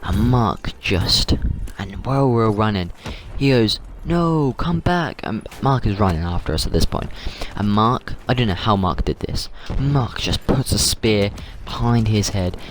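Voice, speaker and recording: A man's voice: lowish voice, measured pace, few pauses. A man host telling a story in a casual, rambling way while gaming, repeating words and saying dude a lot, on a noisy mic with clicks.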